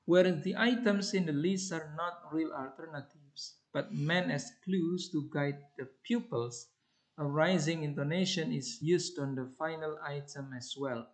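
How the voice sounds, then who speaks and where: Male teacher reading lesson examples, fairly high voice, unhurried, deliberate delivery. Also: rough recording. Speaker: English teacher. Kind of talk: reading lesson material aloud.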